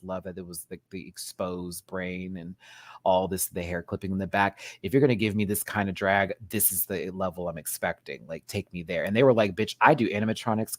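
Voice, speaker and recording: A man's voice: low-pitched, no echo. A man hosting a live show recap, chatting casually with lots of laughs and gossipy asides. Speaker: host.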